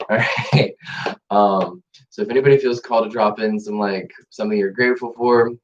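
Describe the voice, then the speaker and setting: A man's voice: on the low side, steady tone, quick pace. A man hosting a casual live-streamed guided meditation, upbeat and chatty, laughing often. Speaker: meditation host. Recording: dull lo-fi live-stream audio with faint noise.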